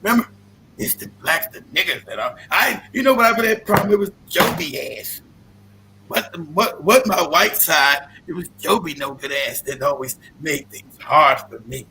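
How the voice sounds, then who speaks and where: A man with a high, sharp and forceful voice, hosting a loose, profane rant. He mocks freely and breaks into laughter often. A faint hiss sits under his voice. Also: moderate pace, poor audio. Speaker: podcast host. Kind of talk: casual rant.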